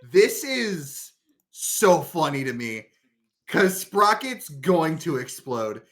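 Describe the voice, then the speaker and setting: A man's voice: a little high, very animated, slow, fairly bright tone. A man narrating a tabletop game as game master, laughing often as he describes the scene.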